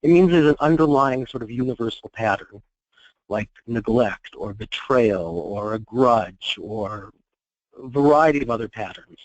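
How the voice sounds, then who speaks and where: A man presenting a therapy case at a conference, telling it in a measured, explanatory way with frequent fillers. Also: medium pitch, animated, no echo, poor audio. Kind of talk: conference talk, case storytelling.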